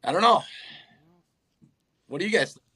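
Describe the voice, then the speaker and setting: A man's voice: sits high, animated, normal speed, bright, forceful tone, slightly rough. A young man co-hosting a casual sports chat, ranting in an exasperated way and swearing often. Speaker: podcast co-host.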